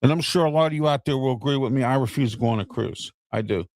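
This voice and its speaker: Gravelly man ranting blunt opinions. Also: mid-range voice, fast, a little mellow, no room sound, clean studio sound. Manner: blunt, exasperated, talks straight to viewers. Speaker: host of an opinion show.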